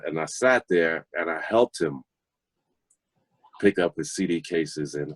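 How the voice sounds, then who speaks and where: Deep-voiced man telling a story. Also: unhurried, no echo. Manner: animated, laughs often, confident. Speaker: guest DJ. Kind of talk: casual storytelling.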